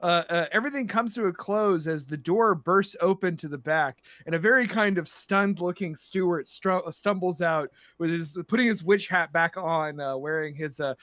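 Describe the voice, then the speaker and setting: A man's voice: sits high, normal speed, hardly any pauses, a bit bright, dry recording. A man narrating a tabletop game as game master, loose and full of fillers.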